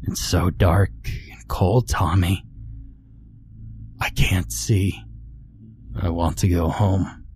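A man voicing a male ghost with a light, raspy voice, pleading slowly and calmly with quiet anger beneath. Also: low voice, slight background noise. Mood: calm menace. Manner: slow, calm, pleading. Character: ghost of a drowned-sounding lost boy, pleading, quietly angry.

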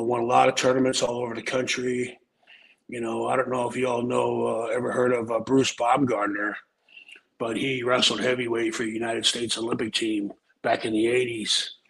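Gravelly, laid-back man telling stories. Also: medium pitch, a bit bright, slight background noise, low-quality recording. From Omaha, Nebraska. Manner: laid-back and profane, peppers talk with "man" and "um". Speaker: podcast guest storyteller, former wrestler. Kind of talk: casual storytelling.

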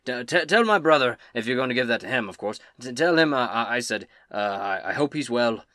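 A man's voice: medium pitch, animated, a little fast, bright, forceful tone, no echo, studio quality. A man voicing a nervous male logging boss who stammers and trails off. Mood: awkward.

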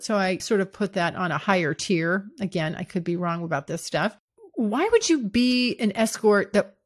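A woman hosting a podcast alone, telling a dating story in a frank, profane, animated way. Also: medium pitch. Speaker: podcast host. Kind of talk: candid solo podcast storytelling.

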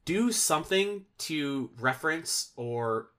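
A man's voice: a little high, animated, slow pace, fairly bright tone. A man chatting casually as a podcast guest, rambling and filling his sentences with "like" and restarts. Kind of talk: casual chat.

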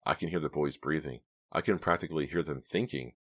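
A man's voice: a bass voice, brisk, a bit bright, husky, dry recording, full character voice. A man voicing a nervous teenage girl in a storybook reading, talking in tense whispers. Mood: anxious.

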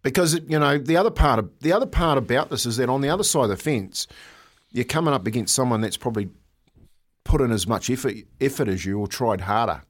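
A man's voice: mid-range voice, expressive, quick pace. A man co-hosting a casual sports radio show, rambling and stop-start, with frequent laughter. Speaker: radio co-host.

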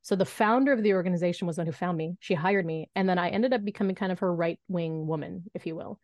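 Lively storytelling woman, low voice. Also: fast talker, dry recording. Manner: animated, acts out quoted voices. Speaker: podcast guest. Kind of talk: storytelling in an interview.

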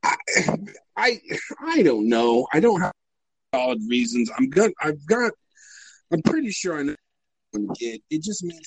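A man rambles through a casual podcast chat, swearing often and turning sarcastic. His voice sits a bit high for a man. The sound is dry and close, with little room around it. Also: very animated, moderate pace, pauses often, slightly rough, no room sound, poor audio.

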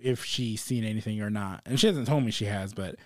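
A young man, a stand-up comedian, talking casually as a podcast guest, relaxed and often laughing. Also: lowish voice, a little fast, no echo, studio quality. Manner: relaxed, agreeable, laughs as he tells stories. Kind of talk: casual conversation.

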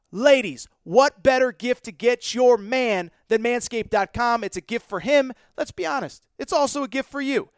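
A man with a notably high, smooth voice runs a podcast and delivers the sponsor read with hyped, joking patter. The recording is dry and close. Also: no room sound. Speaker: podcast host.

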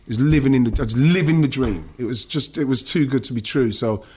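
Husky-voiced man telling a story haltingly. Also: medium pitch, dark tone. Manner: halting storytelling with many restarts and swearing. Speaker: podcast guest, former footballer. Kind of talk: emotional podcast interview.

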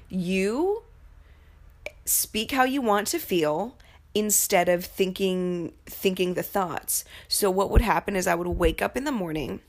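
A young woman hosting a podcast from her apartment, talking casually about morning affirmations, full of fillers and swearing. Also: mid-range voice. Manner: chatty, swears freely, frequent fillers. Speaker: podcast host. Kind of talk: casual spiritual podcast monologue.

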